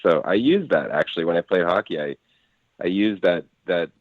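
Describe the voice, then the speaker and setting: A low-voiced man tells a rambling story, full of fillers and restarts, acting out other people's lines. The sound is tinny and phone-like and completely dry, with no room around it. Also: lively intonation, normal speed, no echo. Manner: rambling, lots of fillers and restarts, acts out quotes. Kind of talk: casual storytelling.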